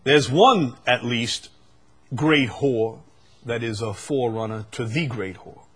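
Husky preacher with dramatic swings. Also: male voice. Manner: swings from quiet, low asides to loud drawn-out proclamations; repeats phrases for emphasis and reads scripture aloud. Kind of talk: sermon.

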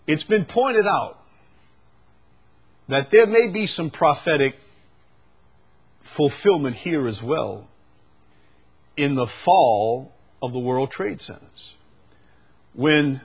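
Brief: male preacher, slightly higher pitch, husky tone, builds from hushed lines to booming repeated declarations. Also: lively intonation. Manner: swings from quiet, low asides to loud drawn-out proclamations; repeats phrases for emphasis and reads scripture aloud. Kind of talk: sermon.

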